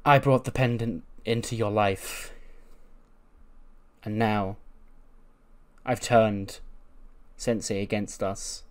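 A man voicing a guilt-ridden young female wrestler who speaks quietly and slowly. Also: on the low side, steady tone. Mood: remorseful.

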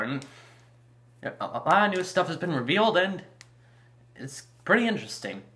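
Chatting casually about a game trailer on his own YouTube gaming channel, a man rambles through fillers and restarts. His mid-range voice has a fairly bright tone, and the clip is casual video commentary.

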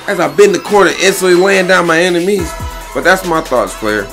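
Male gaming host, slightly high voice, brash slang-heavy play-by-play, quick to laugh. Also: fairly bright tone. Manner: boastful, hype, slang-heavy, laughs often. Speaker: gaming YouTuber. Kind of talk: energetic gameplay commentary. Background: faint background music.

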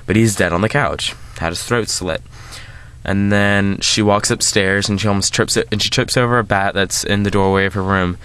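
A man's voice: fairly low pitch, steady tone, normal speed, a bit bright, smooth. A man hosting a casual movie review, rambling with lots of filler words and restarts.

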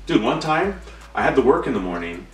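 A young man co-hosting a trailer reaction, chatting casually, excitable and swearing, his voice jumping up when worked up. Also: medium pitch, brisk. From Canada. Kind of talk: casual chat. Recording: echoey room, distant mic, faint music.

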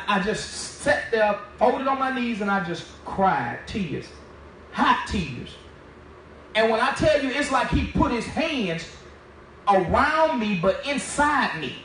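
High-voiced man preaching in an echoey hall. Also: a little hiss or hum. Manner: animated storytelling, acts out dialogue. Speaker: minister giving testimony. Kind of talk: testimony sermon. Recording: very echoey, distant from the mic.

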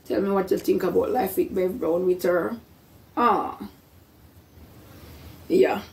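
A woman's voice: on the low side, fairly even intonation, slow pace, creaky, darkish tone. Earnest woman vlogging, mic distant. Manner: repetitive, earnest, faith-filled storytelling. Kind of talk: casual vlog testimony.

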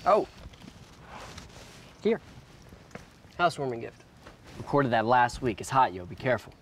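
An actor playing a boastful, friendly young rapper who talks in laid-back slang. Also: male voice, mid-range voice, sing-song, unhurried, fairly bright tone, slight background noise. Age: young adult. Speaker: rapper, landlord.

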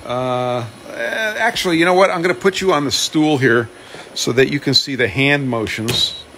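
A man's voice: mid-range voice, moderate pace, a bit bright, slight background noise, low-quality recording. A man talking casually through a machining demonstration on a live stream, reading out viewer comments as he works. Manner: casual, chatty, reads out viewer comments, self-deprecating. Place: machine shop. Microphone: phone live stream.

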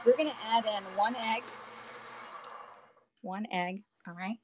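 A woman's voice: mid-range voice, measured pace, background noise. A woman, hosting a live cooking stream from her home kitchen, chatting with viewers and reading their comments aloud. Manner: chatty, reads viewer comments aloud, talks to the audience with "y'all" and "okay".

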